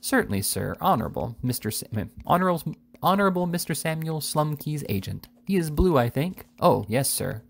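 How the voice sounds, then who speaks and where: A man's voice: on the high side, sing-song, brisk, gravelly, pitched above the performer's own voice, heavily acted. Offhand inn waiter, man doing the voice, says sir a lot. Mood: deferential. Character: curt male inn waiter.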